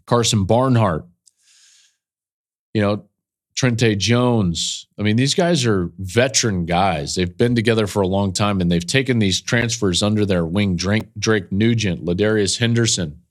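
Lowish-voiced middle-aged guy on a podcast mic, earnest, gets choked up telling a game story. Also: measured pace. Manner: earnest, builds intensity, voice breaks with emotion. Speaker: college football analyst and podcast host.

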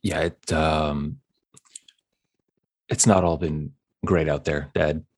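A man speaking in character during a tabletop game, earnest and hesitant. His voice is very deep and his delivery slow, with frequent pauses. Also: fairly even intonation. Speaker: player. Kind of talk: in-character tabletop role-play.

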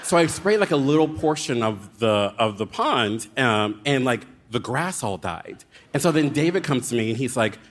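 Lively, animated male storyteller. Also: medium pitch. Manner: animated, dramatic storyteller, quick asides. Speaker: guest author. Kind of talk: storytelling on a live show.

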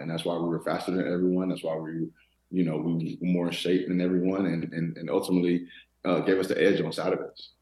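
A man in his thirties, a former football player from Florida, telling stories in a relaxed interview with many restarts. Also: low-pitched, reverberant, poor audio. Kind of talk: casual interview talk.

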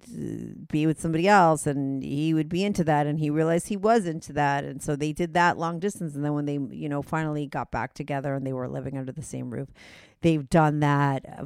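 A woman's voice: sits low, clean tone, no room sound, studio quality. A woman hosting a podcast, chatting casually and laughing easily. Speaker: podcast host. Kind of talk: casual chat.

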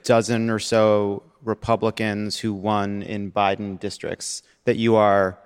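A man co-hosting a live political podcast, sardonic and profane, talking fast and animated. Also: on the low side, clean tone, in a large hall. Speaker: podcast co-host. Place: live stage before an audience.

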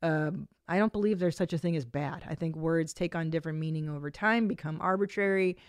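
A woman's voice: low-pitched, fairly quick, clean tone, no room sound, studio quality. A woman hosting a comedy podcast, chatting loosely and profanely and reading out listener messages with laughs. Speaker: podcast host.

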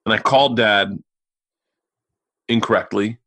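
Man, guest, animated storyteller, profane, bright voice, dry sound. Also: on the low side, a little slow, no room sound. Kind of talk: casual remote chat.

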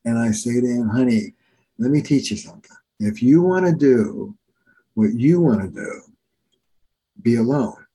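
A man's voice: mid-range voice, a little slow, pauses often, breathy edge, rough recording. A middle-aged man from New Jersey, a therapist telling stories in a conversational interview. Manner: animated storyteller, acts out quotes. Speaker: therapist and author.

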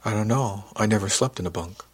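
A man reading the part of a nervous young woman who has just joined a ship's crew, speaking softly and unsteadily in an audiobook. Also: on the low side, a little fast, husky. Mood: uncertain. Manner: tentative, soft and unsteady. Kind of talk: audiobook character voice.

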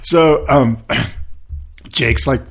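A man in his fifties spins a long anecdote on a podcast, casual and loose. He acts out the other people's voices as he goes and leans on fillers like "like" and "you know." His pitch sits in the middle of the male range. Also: drawn-out words, husky. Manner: animated, acts out quoted voices, many fillers. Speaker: podcast host. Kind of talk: casual storytelling chat.

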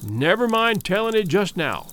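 A gruff old-fashioned backwoodsman with a rough voice and a gentle, coaxing way, played by a man reading the tale. He speaks plainly and calmly. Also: high voice, normal speed, slight background noise. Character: gruff, kindly male backwoods guide.

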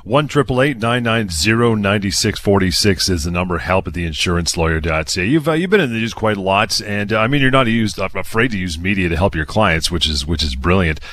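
A man's voice: deep voice, animated, fast talker, hardly any pauses, a bit bright, slight background noise. A man hosting a radio talk show, setting up points and prompting his guest.

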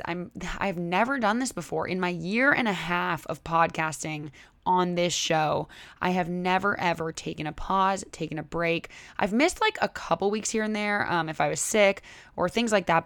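A young woman with a slightly low voice hosts a solo podcast in a relaxed, chatty way, often checking in with her listeners. The sound is dry and close, with no room around it. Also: no room sound. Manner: casual, chatty, many "right?" and "like". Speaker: podcast host.

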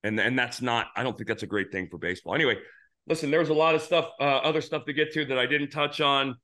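A man's voice: medium pitch, fast talker, bright, forceful tone. A middle-aged man hosting a baseball talk show, rambling through stories with many restarts. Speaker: podcast host, former pitcher. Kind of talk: casual sports talk.

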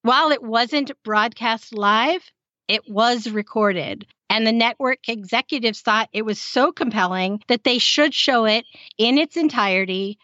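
Lively woman podcaster, slightly dull sound. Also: on the high side, measured pace, dry recording. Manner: lively, dramatizing with quoted voices. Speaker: podcast co-host. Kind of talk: casual history storytelling.

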